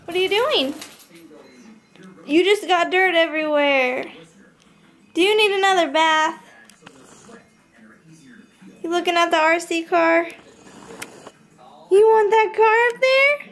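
A woman's voice: very high voice, takes it slowly, long pauses, fairly bright tone. A young woman vlogging casually, cooing to her puppy in a sing-song voice. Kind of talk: casual vlog chat.

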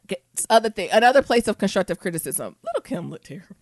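A woman co-hosting a casual podcast chat, animated, laughing often and singing snatches of songs. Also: mid-range voice, quick pace, no echo, clean studio sound. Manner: animated, laughing, breaks into song. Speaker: podcast co-host.

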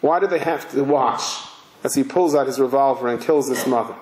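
A male rabbi giving a sermon, telling a story slowly and emphatically. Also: medium pitch, a little mellow, slight background noise. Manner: slow, emphatic, vivid narration. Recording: roomy hall echo.

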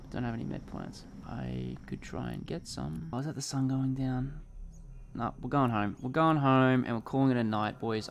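A young man giving excitable, sweary let's-play commentary, quick to panic. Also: medium pitch, vocal fry. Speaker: gaming YouTuber.

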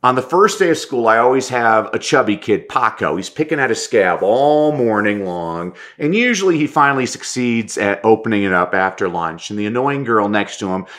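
A man telling stories as a podcast guest and presentation coach, animated and acting out quoted lines, often restarting words as he talks. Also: on the low side, normal speed, hardly any pauses. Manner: lively, stammers restarts, acts out quotes. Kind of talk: animated anecdotal storytelling.

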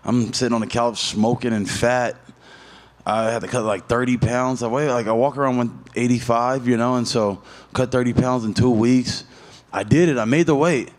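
Man, 30s, fighter at media day. Casual, profane, animated storyteller. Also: medium pitch, moderate pace. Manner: loose, profane storytelling with animated voiced asides.

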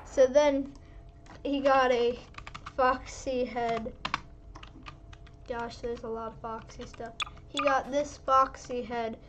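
A woman's voice: on the high side, fairly even intonation, takes it slowly, pauses often, noisy background. A woman narrating gameplay in a rambling casual way, restarting sentences and dropping in pirate "yar" fillers. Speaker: gaming video narrator.

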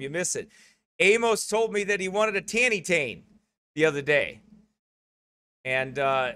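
A man's voice: on the high side, a bit bright, clean tone, no echo, clean studio sound. A middle-aged American man, a pastor, making rambling church announcements with joking asides. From United States. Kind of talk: church announcements before a sermon.

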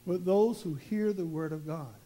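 A man's voice: high-pitched, moderate pace, warm tone. A man preaching a verse-by-verse sermon as pastor, emphatic and prone to repeating words as he builds his point.

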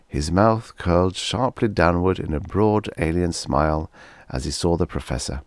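A man narrating vintage science fiction short stories in a measured, storytelling delivery. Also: low voice, no room sound, clean studio sound. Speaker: audiobook narrator.

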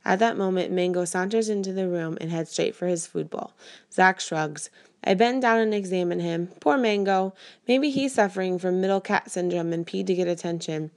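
A woman narrating a novel aloud in the first person, with steady, inward storytelling. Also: on the low side, moderate pace. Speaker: audiobook narrator.

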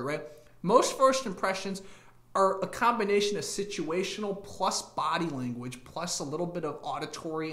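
A man's voice: high voice, a bit bright, roomy sound. A man hosting his own channel, rambling through a casual rant to camera and laughing at his own jokes with crude asides. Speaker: YouTube channel host.

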